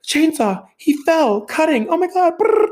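Man doing a shrieking panicked mom, high, loud, breathless. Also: expressive, a little slow. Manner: frantic, shrill, breathless screaming. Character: panicked screaming middle-aged mother.

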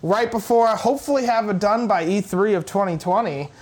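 A man co-hosting a gaming podcast, talking excitedly in a rambling way with lots of fillers and restarts. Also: high-pitched, brisk. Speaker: podcast co-host. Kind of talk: casual chat.

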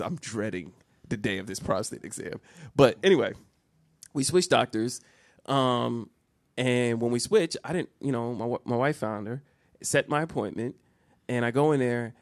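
A man's voice: medium pitch, no echo. A man telling a comic personal story on a podcast, laughing a lot and restarting his sentences. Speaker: podcast co-host. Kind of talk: comedic storytelling chat.

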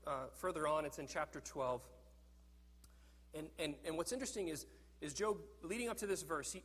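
Husky-voiced man preaching in a hall. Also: a little high. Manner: earnest, animated, repeats words when thinking. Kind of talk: sermon.

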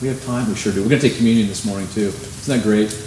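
Male pastor, casual animated sermon voice, roomy church sound, light background noise. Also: fairly low pitch, fast talker. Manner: conversational, animated preaching with sudden emphasis. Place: church sanctuary. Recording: echoey room, faint ambience.

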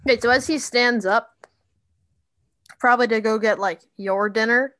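A woman narrating a tabletop game as game master, in a casual, halting way with many fillers. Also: on the high side, a bit bright, dry recording.

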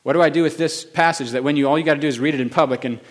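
A male pastor giving a conversational sermon that swings between quiet, reflective passages and emphatic building moments. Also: on the high side, very fast.

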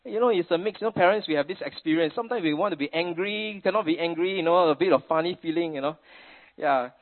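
A man's voice: on the high side, fast talker. A middle-aged man from Singapore with a Singaporean English accent, preaching a sermon in a chatty storytelling way sprinkled with Singlish particles. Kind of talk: sermon with family anecdotes. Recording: tinny phone-like sound.

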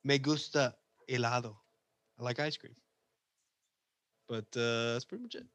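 A man's voice: fairly even intonation, moderate pace, a bit bright, dry recording. A young man on a podcast telling a work story in casual chat, laughing as he acts out the quotes. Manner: laughs through his story, acts out quotes in high voices. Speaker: podcast co-host.

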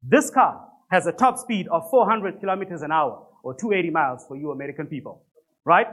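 A pastor preaching a sermon to a church congregation, emphatic, with rhetorical questions and conversational, self-deprecating asides. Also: male voice, fairly high pitch, animated, a little fast, fairly bright tone, breathy edge.

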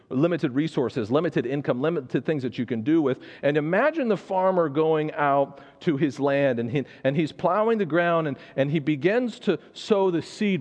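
A man's voice: fairly high pitch, darkish tone, in a large hall. A male pastor preaching a sermon in earnest, often repeating words as he builds his point. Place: church sanctuary.

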